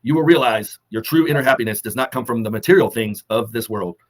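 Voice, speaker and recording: Guy doing a motivational fitness talk, earnest and slow, fighting tears a bit. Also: medium pitch. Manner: earnest, measured, list-like delivery with pauses. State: holding back emotion. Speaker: co-host of a fitness summit talk.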